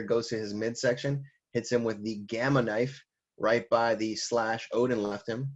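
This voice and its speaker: Animated man, dull lo-fi sound. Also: medium pitch, moderate pace. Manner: animated, laughs often, swears casually. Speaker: co-host. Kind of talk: casual chat.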